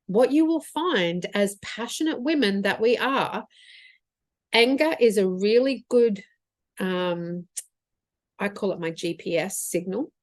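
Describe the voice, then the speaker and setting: A woman's voice: medium pitch, no room sound, studio quality. Earnest woman giving a motivational talk. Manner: earnest, expressive, thinks aloud with fillers. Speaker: business mentor.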